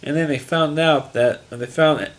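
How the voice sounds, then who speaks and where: A man recaps a TV episode in a casual, rambling monologue, restarting sentences often and using plenty of fillers. His voice is a little high and unhurried, and he speaks plainly.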